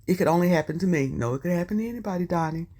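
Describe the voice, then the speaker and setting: A woman's voice: on the low side, racing, warm tone. A woman with a Southern US accent reading posts aloud for her channel and breaking in with chatty asides and exclamations. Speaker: YouTube commentator.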